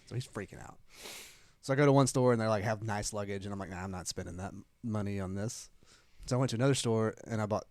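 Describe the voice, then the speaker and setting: A man's voice: lowish voice, fast talker, darkish tone, no echo, clean studio sound. A man co-hosting a podcast, telling a long, rambling travel story in casual chat and acting out the quoted dialogue. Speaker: podcast co-host.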